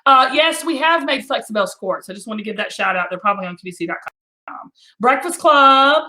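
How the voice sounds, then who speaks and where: Bright, gushing woman host. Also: on the high side, lively intonation, a little fast. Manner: gushing, exclamatory, bursts into singing. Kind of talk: casual live-stream chat.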